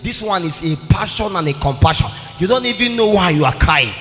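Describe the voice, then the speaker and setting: A man preaches in a high, ringing voice, moving from fervent shouts to a sing-song cadence. His sermon echoes through a large church hall with a long reverb and soft music underneath. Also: expressive, a little fast. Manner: impassioned, swings between shouting and sing-song.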